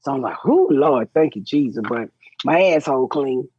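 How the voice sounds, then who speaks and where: A woman hosting a comedy podcast, telling a raunchy story in a loud, laughing, profane way. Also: a bass voice, expressive, normal speed, slightly rough, no room sound, muffled recording. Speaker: podcast host.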